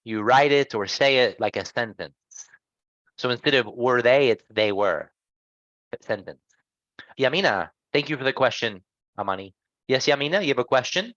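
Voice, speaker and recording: A man's voice: medium pitch, expressive, normal speed, long pauses, a bit bright, dry recording, dull audio. A man teaching an online English class, patient and encouraging, repeating and rephrasing answers for his students.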